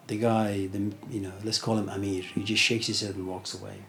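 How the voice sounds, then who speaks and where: A man's voice: fairly low pitch, little pitch movement, brisk, hardly any pauses, a bit bright, slight background noise. A middle-aged man giving an informal lecture, retelling a story in a conversational way with many fillers.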